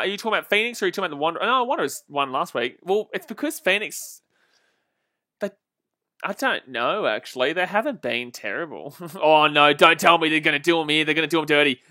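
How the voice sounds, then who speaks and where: A young man chats through a football match on his stream, laughing easily and swearing offhand. His voice is bright and a touch high, and the sound is close and dry with no room echo. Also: lively intonation, fast. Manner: chatty, laughs often, swears casually. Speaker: livestream football watch-along host. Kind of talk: casual live commentary reading chat.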